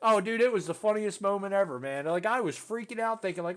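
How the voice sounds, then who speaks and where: A young man hosting a podcast, telling a story in loose casual chat and jumping his voice up high when he quotes people. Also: fast talker, hardly any pauses. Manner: animated, voice jumps high when quoting people; loose, filler-heavy talk with "dude" and "you know". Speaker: podcast host.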